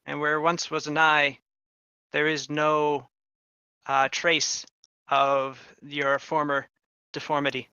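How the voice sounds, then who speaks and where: Slow gravelly game master. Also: male voice, on the high side, monotone, pushed and bright, no room sound, lo-fi sound. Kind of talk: narrating a tabletop game.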